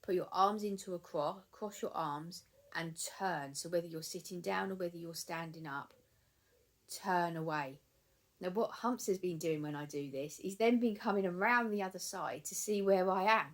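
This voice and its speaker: A woman giving calm, chatty dog-training advice in a vlog, often repeating herself for emphasis. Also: on the low side, normal speed. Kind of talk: casual instructional vlog.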